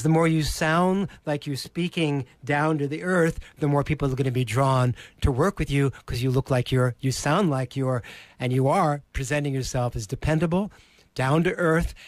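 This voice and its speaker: A male presentation skills coach on a podcast, explaining voice technique slowly and deliberately, and demonstrating exaggerated inflections. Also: mid-range voice, no room sound. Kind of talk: teaching voice technique in a podcast interview.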